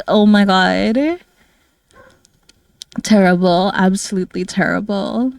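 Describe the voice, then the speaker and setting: A woman's voice: on the high side, unhurried, darkish tone, no room sound, studio quality. A young woman streamer chatting casually while she draws, bubbly and giggly. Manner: bubbly, giggly, full of "like" and "oh my God". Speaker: streamer and artist. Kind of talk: casual chat while drawing.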